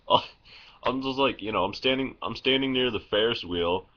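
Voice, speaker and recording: A man's voice: mid-range voice, moderate pace, sharp tone, lo-fi sound. A young man vlogging in a casual, rambling way, telling stories full of fillers, restarts and swearing, recorded on a phone. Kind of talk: casual vlog storytelling.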